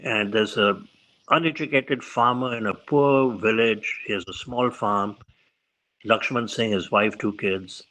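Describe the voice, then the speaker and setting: An Indian physician in his seventies tells stories as an interview guest, animatedly acting out the voices of the people he quotes. His voice is fairly low and a little slow, and the recording is rough.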